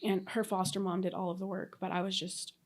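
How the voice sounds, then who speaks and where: A chatty woman in her thirties from Texas, a guest telling her story in a casual interview. Her pitch stays fairly level and even, with little rise and fall, and she strings her thoughts together with plenty of fillers. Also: a little fast. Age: 30s. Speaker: guest, ICU nurse.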